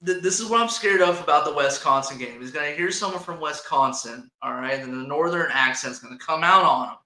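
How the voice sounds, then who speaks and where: A man with an Indiana accent hosts a loose sports talk show, rambling and joking between points. His voice is bright and forward. The room around him rings with echo. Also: fairly high pitch, fairly quick. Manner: rambling, jokey, laughs often. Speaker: podcast host. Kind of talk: casual sports chat.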